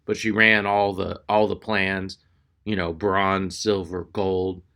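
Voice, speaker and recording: Bright-voiced male stand-up comic. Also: low voice, slow pace, vocal fry, clear, resonant tone. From Texas. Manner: exasperated, animated storytelling. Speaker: stand-up comedian. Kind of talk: stand-up storytelling.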